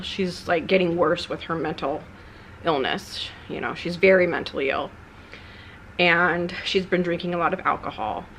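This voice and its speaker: Lower-voiced woman confiding candidly. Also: a bit bright, a little hiss or hum. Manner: rambling, confessional, subdued. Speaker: YouTuber. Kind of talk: candid personal vlog.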